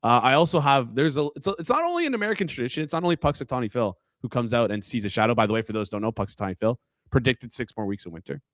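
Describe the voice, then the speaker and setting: A young man from Canada hosts a casual sports betting podcast in a playful, joking way. His voice moves a lot in pitch and jumps up sharply when something excites him. The sound is dry and close, with no room around it. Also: rapid-fire, few pauses, dry recording. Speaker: podcast host.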